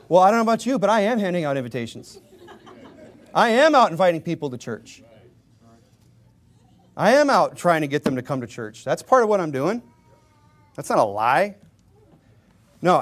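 Male pastor, slightly high voice, casual preaching style, acts out doorstep dialogue, self-deprecating humor. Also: animated, brisk. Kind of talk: sermon.

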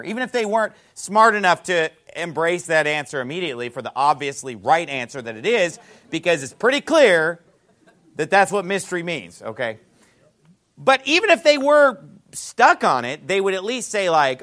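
Animated high-voiced male preacher. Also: moderate pace. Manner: animated storytelling, acts out a caller's side of a phone call; rhetorical questions, laughs at his own jokes. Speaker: pastor. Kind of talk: sermon.

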